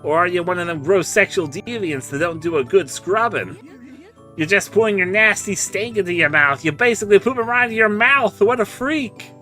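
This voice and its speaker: A high, bright-toned hillbilly tomato farmer that a man puts on rambles in a slow Southern drawl. He jumps from one crude, oddball thought to the next. Faint music plays underneath. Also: expressive. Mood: folksy. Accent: put-on Southern US drawl. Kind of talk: voicing a game character while streaming.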